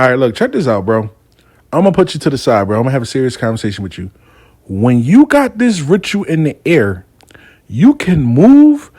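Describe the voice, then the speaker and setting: A man's voice: a little high, darkish tone, dry recording, clean studio sound. A man telling a casual story, acting out both sides of a dialogue. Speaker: storyteller host.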